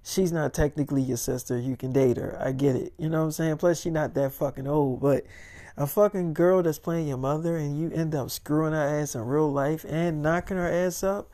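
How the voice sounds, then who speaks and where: A man's voice: on the high side, steady tone, normal speed, warm tone, lightly acted. A man voicing a blunt, outspoken young woman in his story, with a profane, skeptical way of talking.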